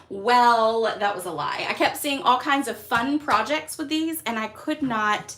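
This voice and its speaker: A woman's voice: fairly high pitch, unhurried, a bit bright. A woman hosting a live craft class from her home craft room, chatty and upbeat, with lots of fillers and small laughs. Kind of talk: casual live-stream craft tutorial.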